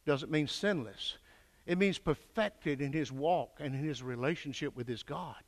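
An older man preaching a fervent sermon, swinging from hushed lines to shouted peaks and calling for answers from the congregation. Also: on the high side, measured pace. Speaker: pastor. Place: church sanctuary. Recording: echoey church hall.

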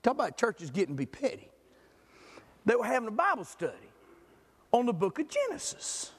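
A man's voice: very high-pitched, normal speed, breathy edge, long reverb tail. A man preaching a sermon in a church, telling stories and joking with the congregation. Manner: animated storytelling, jokes with the congregation.

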